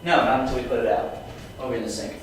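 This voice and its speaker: A man teaching a Bible lesson to students, lively and quizzing the class with questions. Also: mid-range voice, racing. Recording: echoey room, mic far off, faint noise.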